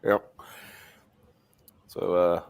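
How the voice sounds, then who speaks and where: A man's voice: very slow, no echo. A man hosting a live stream in loose, joking casual chat. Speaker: host.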